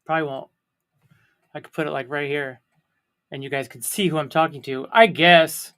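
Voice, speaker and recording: A man's voice: fairly high pitch, fairly even intonation, moderate pace, fairly bright tone, clean tone. Rambling, self-mocking man on a livestream. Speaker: livestream host. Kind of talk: casual solo livestream chat.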